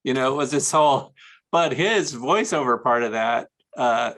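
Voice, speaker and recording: Bright-voiced man hosting an interview. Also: medium pitch, expressive, moderate pace. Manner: chatty, curious, asks follow-up questions. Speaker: interviewer host. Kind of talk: casual interview chat.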